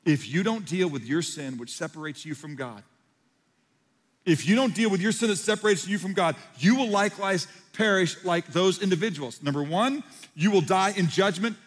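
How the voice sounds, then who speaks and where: A male pastor delivers a sermon with a voice pitched a little high, dropping to a hush and then rising to loud, emphatic appeals. His words ring out with a long reverb, as in a large church hall. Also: lively intonation, moderate pace, breathy edge. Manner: swings from hushed to loud, emphatic preaching.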